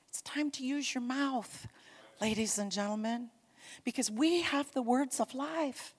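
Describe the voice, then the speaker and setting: A woman preaching a sermon, telling a story with animated emphasis and urging her congregation on. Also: on the high side, a little slow, big-room sound. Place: church sanctuary.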